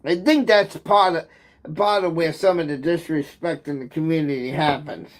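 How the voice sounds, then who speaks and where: A man's voice: on the high side, fairly even intonation, moderate pace. A man in an angry livestream rant, bitter, aggrieved and heavy with profanity, agitated and sometimes near tears.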